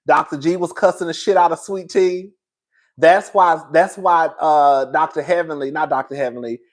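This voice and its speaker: A man hosting a casual show, gossiping and laughing as he recaps reality TV drama. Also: high voice. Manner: animated, gossipy, laughs a lot. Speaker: host.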